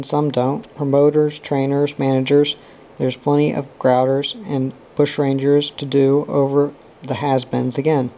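A man reading a novel chapter aloud in a plain, unhurried way, lightly voicing the characters' dialogue. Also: mid-range voice, creaky, mellow, poor audio. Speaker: audiobook reader.

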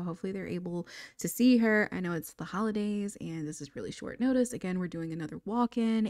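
A woman's voice: mid-range voice, mellow, no echo, studio quality. A young woman chatting casually as she plays a life-sim game, laughing often between remarks. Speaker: gaming video creator. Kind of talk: casual gameplay commentary.

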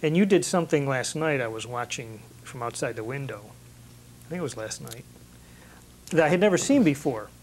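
A man's voice: medium pitch, lively intonation, brisk. A man interviewing a musician, asking curious questions and giving short affirmations. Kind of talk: casual interview.

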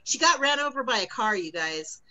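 A woman's voice: on the high side, expressive, fairly quick, sharp tone, poor audio. A woman performing a stand-up comedy set before a live audience. She tells stories in a chatty way and laughs at her own jokes. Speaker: stand-up comic.

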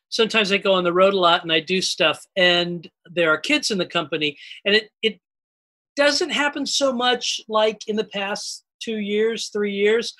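A man, a voice actor, telling stories in casual chat and acting out the voices. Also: sits high. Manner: animated, acts out quotes. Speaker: voice actor and stage performer.

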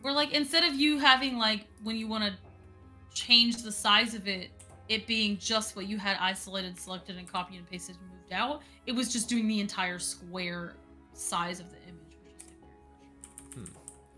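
A woman's voice: medium pitch, normal speed, pushed and bright, faint music behind. A woman chatting casually on a live stream, rambling with lots of fillers.

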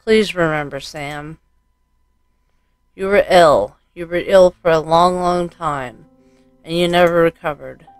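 A man's voice: fairly high pitch, slow, long pauses, smooth, dry recording, soft background music. A man voicing a grieving young wife who pleads tearfully through a closed door in a horror game. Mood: sorrowful.

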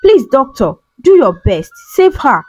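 A woman's voice: high-pitched, very animated, a little slow, darkish tone, breathy edge, no room sound, muffled recording, soft background music, heavily acted. A woman voicing a kind man who urgently pleads for a girl's life. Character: kind adult man, anxious rescuer.

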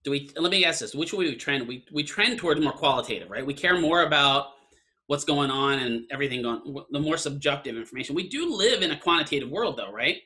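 A man's voice: fairly high pitch, lively intonation, fast, sharp tone. A man lecturing an online class in a casual, conversational way, often checking in with "right?". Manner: conversational, keeps asking "right?".

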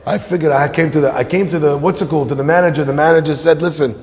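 A man's voice: fairly high pitch, fairly even intonation, very fast, a little mellow, close to an everyday voice. A man voicing a weary male gorilla who complains about the food in a zoo joke. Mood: complaining. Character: hungry male gorilla posing as bear. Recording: long hall reverb.

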